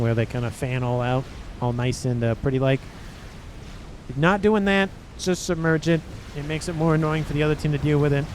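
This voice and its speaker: A man casting a real-time strategy match, excitable and talking straight to the players. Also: a little high, slight background noise. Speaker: game caster. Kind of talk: strategy game commentary.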